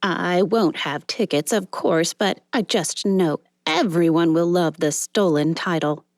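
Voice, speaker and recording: A woman's voice: lowish voice, a little slow, no room sound, studio quality. Woman voicing a chattering eager admirer. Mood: excited.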